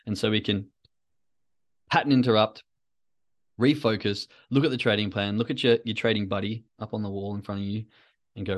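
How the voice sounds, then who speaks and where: A man's voice: fairly low pitch, fairly even intonation, a little fast, long pauses. A man hosting a solo podcast, talking in a rambling, reflective, self-coaching way. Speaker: podcast host.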